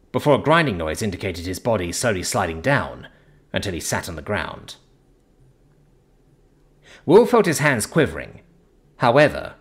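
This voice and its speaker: A man reading a science fiction story aloud as narrator, in dramatic, expressive storytelling. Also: lowish voice, breathy edge. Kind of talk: scripted narration.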